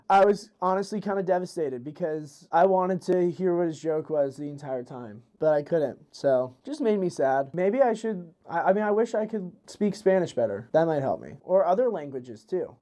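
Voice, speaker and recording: Young guy podcast host, mellow dark voice, crude rambly jokes, lots of likes and restarts. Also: on the high side. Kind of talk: casual comedic monologue. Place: New York City.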